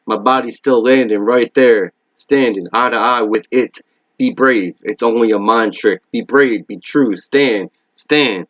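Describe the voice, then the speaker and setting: A man's voice: mid-range voice, unhurried, a bit bright, no echo. A man reading aloud as a brave boy, urging himself on, in a dull lo-fi recording. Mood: determined. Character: brave boy hero facing a monster.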